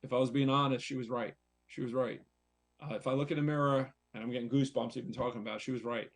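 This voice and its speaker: A man's voice: medium pitch, fairly even intonation, quick pace. A man, a real estate investor and coach, speaking candidly and conversationally on a talk show, repeating himself as he tells a personal story. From United States.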